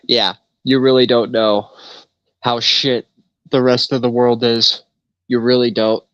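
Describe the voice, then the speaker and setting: Male co-host, relaxed swearing storyteller; slightly lo-fi, dry sound. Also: medium pitch, unhurried, no echo. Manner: laid-back storyteller, swears freely, laughs often. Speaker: podcast co-host. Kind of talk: casual chat.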